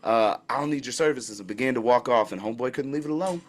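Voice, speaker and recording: A man hosting his own channel tells a story in a casual, animated way, full of slang and remarks aimed straight at his listeners. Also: mid-range voice, fast talker. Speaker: channel host.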